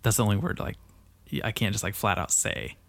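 A young man hosting a casual podcast chat, talking in a profane, rambling and excitable way. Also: on the low side, a little fast, no room sound.

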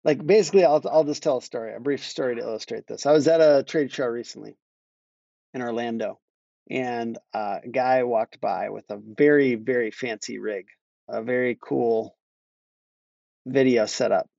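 A man's voice: medium pitch, moderate pace, creaky, mellow, dry recording, muffled recording. A man talking casually on a podcast about marketing, rambling and restarting his sentences as he tells a story. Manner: rambling, self-interrupting, laughs while telling stories. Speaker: guest, marketing agency owner.

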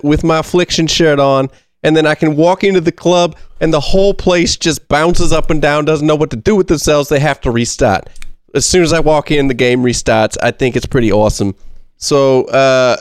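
A man's voice: a little high, darkish tone, clear, resonant tone, no room sound, close to an everyday voice. A man putting on a brash Jersey Shore clubgoer voice, boastful and swaggering. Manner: cocky, boastful party-guy swagger.

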